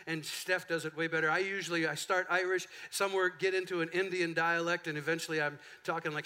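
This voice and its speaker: A man's voice: a little high, brisk, bright, forceful tone. A middle-aged man, a pastor, telling a chatty story to his congregation during a sermon in a church. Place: church sanctuary.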